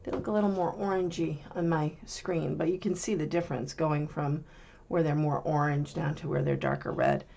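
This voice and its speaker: A woman's voice: deep voice, expressive, normal speed, vocal fry, few pauses, warm tone, lo-fi sound, slight background noise. A woman hosting an art channel, chatting casually and musing aloud as she swatches and reviews paints.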